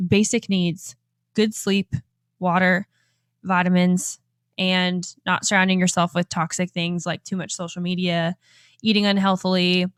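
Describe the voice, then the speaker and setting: A woman in her twenties hosting a motivational podcast as a life coach, upbeat and animated, laughing often. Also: fairly low pitch, no echo, studio quality. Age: 20s.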